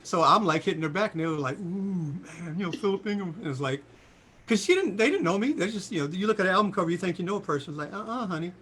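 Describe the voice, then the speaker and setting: An older man in his sixties tells anecdotes as an interview guest. His voice sits fairly high, bright and forceful. He acts out quotes with sudden high jumps. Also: very fast, breathy edge. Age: 60s. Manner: lively storyteller, voices quotes with big pitch jumps. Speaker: singer and guest. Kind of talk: animated storytelling interview.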